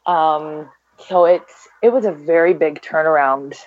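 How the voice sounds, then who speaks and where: A woman's voice: low-pitched, unhurried, no echo. A young mother answering interview questions in a chatty way, with many "like"s and fillers. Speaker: guest, mother. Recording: dry, dull lo-fi audio.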